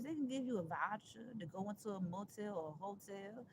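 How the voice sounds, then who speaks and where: A woman talking on a casual live stream, emphatic and sarcastic, rambling and restarting her phrases, with loud outbursts and quiet asides. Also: mid-range voice, animated, a little fast, hardly any pauses, slight background noise, poor audio. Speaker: livestreamer.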